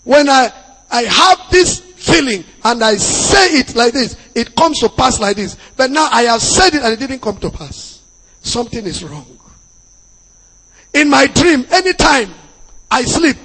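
A man with a Nigerian accent preaching as a pastor, dropping into Pidgin asides and bursting into loud emphasis. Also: very high-pitched, big pitch swings, a little slow, long pauses, slightly rough. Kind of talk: sermon. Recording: long hall reverb.

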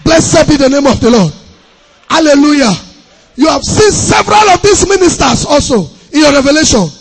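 A man preaching a sermon as pastor, emphatic and repetitive, with sudden shouts. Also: very high-pitched, expressive, normal speed, gravelly. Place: church hall. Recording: long hall reverb.

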